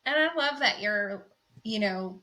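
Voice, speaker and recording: A woman's voice: mid-range voice, expressive, measured pace, pushed and bright. A woman hosting a podcast interview, an eager, affirming listener who chimes in often. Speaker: podcast host. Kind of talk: casual interview chat.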